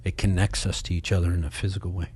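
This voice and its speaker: A middle-aged man from Kansas City, a podcast guest rambling through animated stories and acting out the voices of people he quotes. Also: sits low, fast, breathy edge. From Kansas City, Missouri. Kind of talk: casual storytelling.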